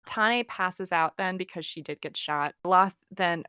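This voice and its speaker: Woman, podcast co-host, low-pitched, chatty recap, dry recording. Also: a little slow, sharp tone, smooth, no room sound. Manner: recaps plot in a chatty way, laughs often. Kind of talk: casual book discussion.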